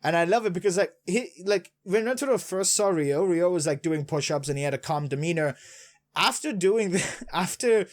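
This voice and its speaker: A man casually recapping and reacting to a manga chapter, rambling excitedly with lots of fillers. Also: high-pitched, normal speed. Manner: excitable, rambling, many fillers, retells scenes with "he's like". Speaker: manga reviewer.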